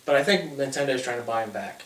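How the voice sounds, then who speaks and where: A man's voice: medium pitch, animated, fast talker, fairly bright tone, far from the mic. A young man co-hosting a casual gaming chat, rambling and hesitant with many fillers. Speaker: co-host. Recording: echoey room, away from the mic.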